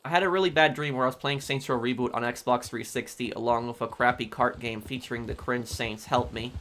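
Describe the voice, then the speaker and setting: Slight background noise accompanies a man whose medium-pitched voice is steady, a bit bright and fairly quick. He streams a game, casually reading viewers' messages and thanking them one by one in a relaxed, repeated way.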